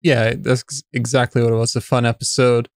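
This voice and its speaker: Man co-host, flat steady delivery, smooth clear tone, dry close sound, relaxed chat with fillers. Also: medium pitch, brisk, no room sound. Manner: even, relaxed, lots of fillers and restarts. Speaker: podcast co-host. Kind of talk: casual chat reviewing an episode.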